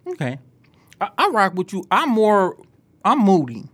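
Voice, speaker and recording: A man hosting a podcast, chatting casually and telling animated stories with lots of laughter. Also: high-pitched, measured pace. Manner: animated storyteller, laughs a lot. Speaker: podcast host. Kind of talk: casual chat.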